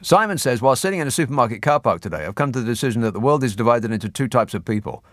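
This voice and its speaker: A man's voice: mid-range voice, expressive, racing, a bit bright, no room sound. A man hosting a radio phone-in, chatting wryly and laughing often, on a studio microphone. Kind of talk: casual radio phone-in chat.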